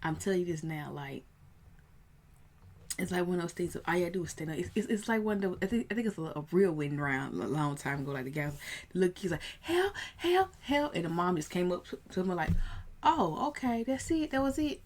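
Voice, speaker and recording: A woman in her thirties, a coach, telling a personal story in a casual vlog, animated and prone to rising in excited bursts. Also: low voice, fast. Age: 30s.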